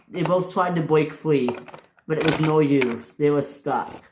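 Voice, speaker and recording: A man casually narrating a homemade toy train story in a plain, halting way, with frequent restarts. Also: on the high side, noisy background. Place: indoors at a toy train layout.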